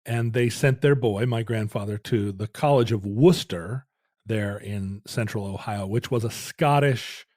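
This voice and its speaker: A middle-aged man co-hosting a podcast tells a family story in casual chat, rambling and interrupting himself. His fairly low voice is a little mellow and unhurried, recorded cleanly in a studio with no echo.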